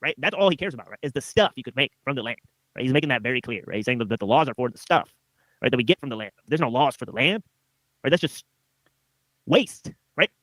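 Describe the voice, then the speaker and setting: A man's voice: medium pitch, lively intonation, fast, fairly bright tone, no echo. A male host of a live stream, reading philosophy texts and commenting on them in a rambling way, tagging nearly every phrase with "right?".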